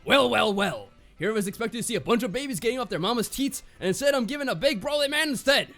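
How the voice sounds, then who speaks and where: A man's voice: extremely high pitch, animated, fast, a bit bright, faint music behind, voice pushed up, full character voice. A man putting on a bellowing drill sergeant major. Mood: barking. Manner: barking commands, sneering insults. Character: gruff male drill sergeant major, bullying and pompous. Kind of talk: visual novel voice acting on a live stream.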